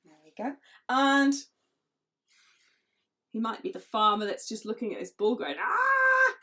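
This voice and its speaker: A woman's voice: a little high, normal speed, a bit bright. A middle-aged woman, chatting playfully as she leads a drawing lesson for children. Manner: chatty, playful, laughs often. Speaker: illustrator teaching drawing.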